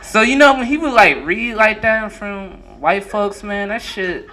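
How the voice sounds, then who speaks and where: A man's voice: high voice, moderate pace, pushed and bright. A young man performing a profane, crowd-teasing stand-up comedy set on a club stage. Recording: noisy live room recording.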